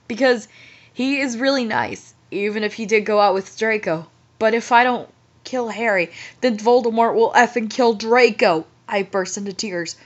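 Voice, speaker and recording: A young woman with a medium-pitched voice, a host who reads fanfiction, reads a badly written story aloud at normal speed. Her commentary is incredulous, giggly and exasperated, and the audio is muffled and lo-fi.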